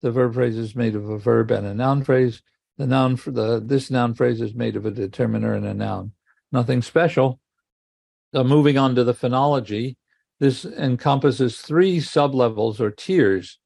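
Older male academic, gravelly mid-pitched voice, measured lecture delivery. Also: a little mellow, no echo. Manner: measured, explanatory, with occasional fillers and restarts.

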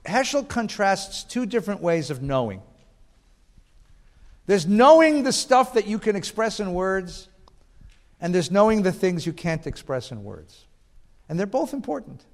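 Man, lecturer, animated delivery, frequent restarts, slightly high voice, long hall reverb. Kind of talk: lecture to a class.

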